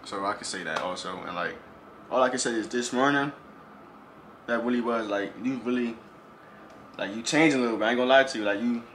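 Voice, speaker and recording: A man chatting casually, halting and restarting his phrases. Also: medium pitch, fairly bright tone, slight background noise. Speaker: co-host vlogger. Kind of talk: casual chat.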